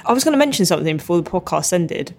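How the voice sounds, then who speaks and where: A man co-hosting a podcast, chatting in a relaxed, easygoing way. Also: sits high, rapid-fire, creaky. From Philippines. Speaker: podcast co-host. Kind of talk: casual chat.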